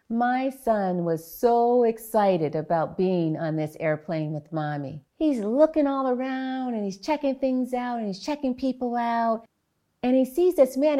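A woman psychologist giving a public talk, telling a story and explaining research in a measured, deliberate way. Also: fairly high pitch, warm tone.

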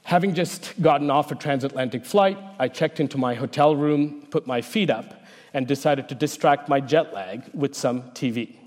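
A man, a researcher, giving a prepared talk in a measured, explanatory way. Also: mid-range voice. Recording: long hall reverb.

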